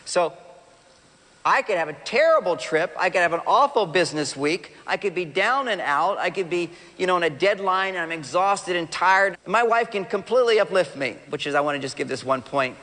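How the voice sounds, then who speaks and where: A man giving a lively live seminar talk, speaking straight to the audience and acting out what partners say. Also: fairly high pitch. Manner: animated, acts out quoted partners and addresses the audience directly. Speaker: relationship speaker. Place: large hall with a live audience. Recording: long hall reverb.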